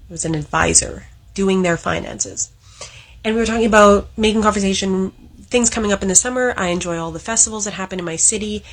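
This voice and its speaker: A woman's voice: mid-range voice, fast talker. Canadian woman telling a story. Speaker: former financial advisor. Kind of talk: casual anecdote to camera.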